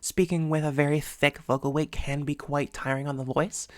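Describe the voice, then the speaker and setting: A woman voice coach giving an instructional lesson in a calm, measured way, with frequent "sort of" and "um" fillers as she explains exercises. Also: low voice, no echo. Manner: demonstrates sounds with their own voice.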